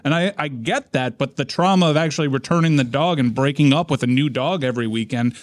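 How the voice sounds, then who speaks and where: Rambling man co-host, halting. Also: medium pitch, no echo. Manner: rambling, halting storytelling with restarts. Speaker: radio show co-host. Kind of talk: casual talk-show chat. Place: radio studio.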